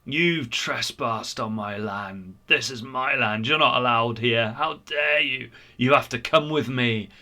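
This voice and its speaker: Storybook villain: a brutish, indignant giant, read by a man, gravelly and crisp. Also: medium pitch, unhurried, few pauses, sharp tone. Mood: angry. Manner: blustering, indignant. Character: angry brutish male giant, menacing.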